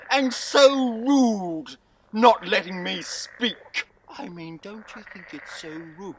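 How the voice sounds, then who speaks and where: An actor playing a boastful, self-important firework rocket in an audio drama, with a pompous, theatrical manner. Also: male voice, very high-pitched, fairly bright tone, slight background noise, exaggerated voice, poor audio.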